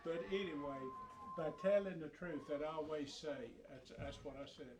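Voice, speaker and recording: Folksy older man, slightly high voice. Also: normal speed, noisy background. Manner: folksy storytelling, plain homespun phrasing. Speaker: class member. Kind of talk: casual class discussion.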